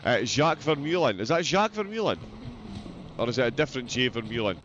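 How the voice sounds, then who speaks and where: A man's voice: medium pitch, very animated, fast, fairly bright tone, dull audio, a little hiss or hum. A man with a Scottish accent giving live commentary on a sim race, chatty and joking as he reads out viewer messages. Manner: chatty, jokey, reads out chat.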